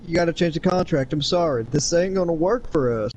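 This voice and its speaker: A man's voice: on the high side, animated, a little fast, a little mellow. A man playing a folksy older mentor who calls the host son and scolds him over the phone. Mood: scolding. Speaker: friend on phone call.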